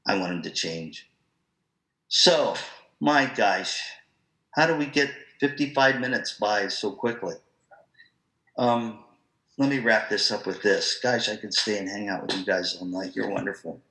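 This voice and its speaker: A man presenting an online professional-development talk to music teachers, in a lively, conversational, storytelling manner. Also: fairly low pitch, unhurried, long pauses, echoey room, low-quality recording.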